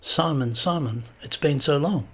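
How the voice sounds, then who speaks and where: A man's voice: a little high, lively intonation, unhurried, pitched above the performer's own voice. A man voicing an effusive middle-aged Spanish man with a thick Catalan accent, who greets an old friend insistently. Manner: warm, insistent, repeating himself.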